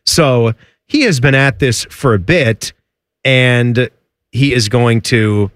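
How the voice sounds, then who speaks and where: A man's voice: slow, smooth, dry recording, studio quality. A man co-hosting a sports radio show in casual, joking chat. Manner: animated, jumps high in pitch when joking.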